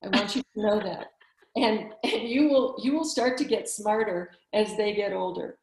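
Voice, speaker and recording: A woman's voice: mid-range voice, moderate pace, darkish tone. A woman in her fifties, a physician, giving heartfelt, emphatic encouragement in a conversation. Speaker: physician, summit speaker. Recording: roomy echo.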